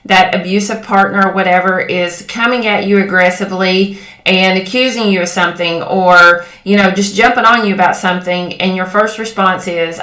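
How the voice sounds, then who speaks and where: Bright-voiced woman coaching in an echoey room. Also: medium pitch, steady tone, normal speed. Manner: direct and coaxing, checks in with "okay?" and "right?". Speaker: women's empowerment coach. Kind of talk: motivational talk to women.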